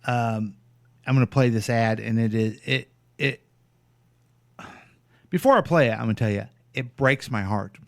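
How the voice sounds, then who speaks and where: A man's voice: mid-range voice, moderate pace, vocal fry, long pauses. A man from Missouri co-hosts a talk radio show in a loose, blunt chat. He gets indignant over the clips he plays and laughs often. His voice sits in the middle of a man's range. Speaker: radio co-host. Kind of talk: casual political chat.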